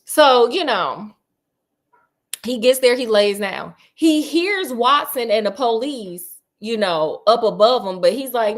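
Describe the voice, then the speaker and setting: A young adult woman hosts a laid-back retelling of a classic story, speaking slowly in a fairly high voice with lively intonation. She's chatty, sassy, and full of slang, and she keeps tossing questions at a listener.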